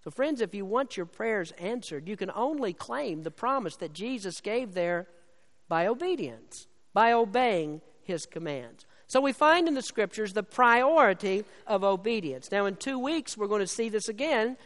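A man preaching a sermon as pastor, slowing down and raising his voice on scripture and key lines, then dropping back low. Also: expressive, a bit bright. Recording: long hall reverb.

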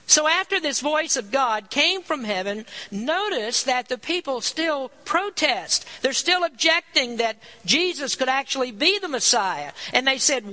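A man's voice: extremely high pitch, very animated, unhurried, sharp tone, low-quality recording. A man preaching a sermon, earnest, reading scripture aloud and stressing key points.

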